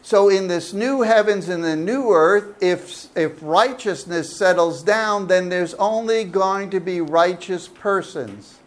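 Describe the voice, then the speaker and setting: A middle-aged man leads a Bible lesson as pastor in a slightly raised voice. He speaks slowly and deliberately. He keeps stopping to ask his listeners questions. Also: sits high. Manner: asks the audience questions, animated. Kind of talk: Bible study sermon.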